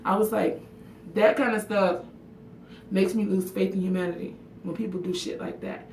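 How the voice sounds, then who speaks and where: A woman's voice: medium pitch, steady tone, normal speed, vocal fry, darkish tone, a little hiss or hum. A woman chatting on a casual livestream from her bathroom, frank and emotional, swearing freely and answering viewers' comments by name. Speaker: livestream vlogger. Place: bathroom at home. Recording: echoey room audio picked up from a distance.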